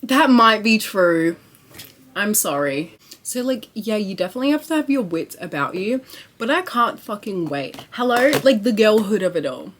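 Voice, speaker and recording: A young woman chatting to camera in a casual vlog, excitable and rambling, with lots of swearing and filler words. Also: medium pitch, normal speed, slight background noise. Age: young adult. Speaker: vlogger.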